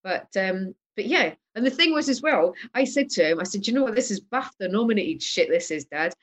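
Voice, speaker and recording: A woman in casual chat as a guest on a video call, candid and quick to laugh, with the odd light swear. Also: mid-range voice, expressive.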